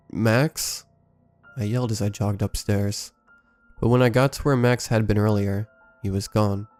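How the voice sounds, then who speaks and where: A man reading a first-person scary story aloud in a measured, scripted storytelling delivery. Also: fairly low pitch, darkish tone. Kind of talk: scripted horror story narration.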